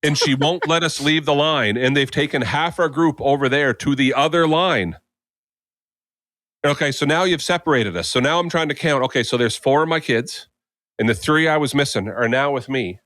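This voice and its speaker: A man's voice: a little high, moderate pace, no room sound. A man co-hosting a podcast, telling a long story in a casual way and acting out the people he quotes. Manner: animated, acts out quoted people. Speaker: podcast co-host.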